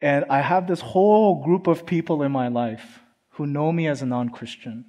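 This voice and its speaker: A pastor from Philadelphia delivering a sermon to his congregation. He talks in an earnest, chatty way, with a voice pitched a little above most men. He often slips into quoted voices to make his point. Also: normal speed, dark tone. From Philadelphia, USA. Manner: conversational, earnest, acts out quotes. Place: church.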